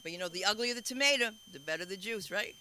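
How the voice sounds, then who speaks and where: A woman's voice: mid-range voice, expressive, fast talker, pushed and bright, slight background noise, poor audio. A woman hosting a stand-up comedy show, rambling through her own stories and introductions. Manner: rambling, self-interrupting storytelling. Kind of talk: stand-up emcee banter.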